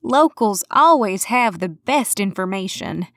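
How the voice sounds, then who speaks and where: A woman voicing a young woman who puts on a twangy Southern accent, speaking slowly in an audiobook. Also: mid-range voice, expressive, a bit bright, no room sound, clean studio sound. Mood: drawling. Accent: Southern US, put on. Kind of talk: audiobook character voice.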